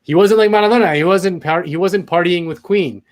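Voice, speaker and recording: A man's voice: high voice, a little fast. A man talking casually as a guest, hesitant, with many fillers and restarts. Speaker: guest commentator. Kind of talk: casual conversation.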